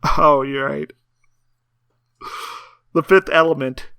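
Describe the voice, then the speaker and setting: A man's voice: fairly high pitch, level tone, takes it slowly, gravelly, bright, forceful tone, clean tone, no echo. A man co-hosting a casual podcast, teasing and giggling through edgy jokes. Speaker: podcast co-host.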